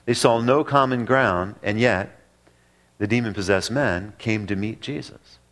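A man preaching a sermon that works through a passage, speaking deliberately with drawn-out pauses and emphatic repetition. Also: lowish voice, fairly bright tone. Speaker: pastor. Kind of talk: expository sermon.

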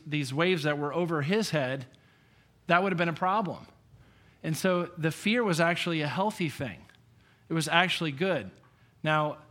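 A man preaching a conversational sermon, telling personal stories in an animated way and chuckling as he goes. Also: a little high. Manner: storytelling, animated, chuckling often. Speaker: pastor.

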